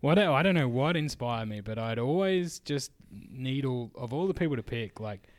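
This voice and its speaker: A man's voice: mid-range voice, moderate pace, no room sound. Laughing Australian storyteller, young man. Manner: laughing, animated storyteller who acts out quotes. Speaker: podcast co-host. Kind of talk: casual storytelling among friends.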